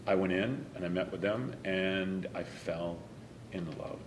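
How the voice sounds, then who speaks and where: A low-voiced man talks about his stage work with earnest, open feeling, sometimes dropping almost to a whisper. The room is echoey, with steady noise behind him. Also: measured pace. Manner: earnest and emotional, some lines softly whispered. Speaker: interview guest, stage actor. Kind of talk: reflective interview talk.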